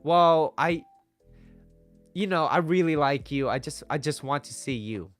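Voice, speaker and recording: A man's voice: on the high side, expressive, a little slow, fairly bright tone, faint music behind. A man voicing an emotional young girlfriend who pleads and insists, in a raised voice. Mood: hopeful.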